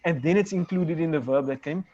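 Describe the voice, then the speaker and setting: A man's voice: a little high, fairly quick, warm tone, dry recording. A man teaching an online Arabic class, explaining step by step and checking that his students follow. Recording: dull, lo-fi video call audio.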